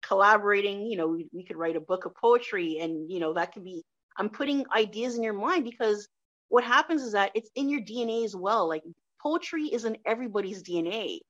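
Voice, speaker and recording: An enthusiastic woman talks as a guest in a conversational interview, animated and quick to laugh. Her voice sounds bright and forceful, on a dull, lo-fi recording. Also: mid-range voice.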